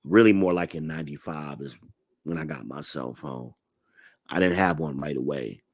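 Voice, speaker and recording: A man's voice: a bass voice, normal speed, breathy edge, no room sound, clean studio sound. A man in his forties telling blunt, profane stories in a laid-back, casual vlog monologue. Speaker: vlogger.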